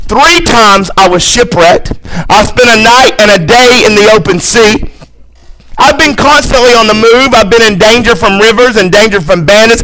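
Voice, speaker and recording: A man preaching a sermon in a church, hammering repeated phrases, building to shouts, then reading scripture quietly. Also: high-pitched, rough recording. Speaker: pastor. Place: church sanctuary.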